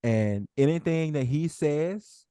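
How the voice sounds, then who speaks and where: A man's voice: on the high side, lively intonation, takes it slowly, warm tone, smooth, no room sound, studio quality. A man co-hosting a podcast, reading a mock-formal disclaimer playfully in casual chat. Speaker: podcast co-host.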